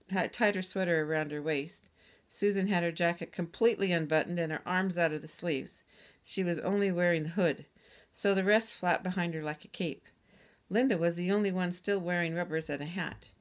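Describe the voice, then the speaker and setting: A woman reads a children's chapter book aloud in a steady, gentle storytelling manner. Her voice sits a little low. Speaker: storybook reader.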